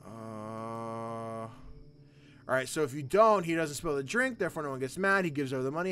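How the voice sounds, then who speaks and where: A man hosting a gaming channel, thinking out loud in goofy, excitable let's play commentary. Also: mid-range voice, normal speed, a little hiss or hum.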